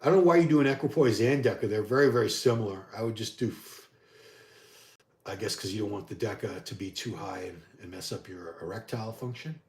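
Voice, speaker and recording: A man's voice: lowish voice, brisk, a little mellow, roomy sound. A middle-aged man hosting a casual live stream from home, reading out viewers' questions and answering them conversationally. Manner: conversational, answers chat questions one by one, frequent restarts.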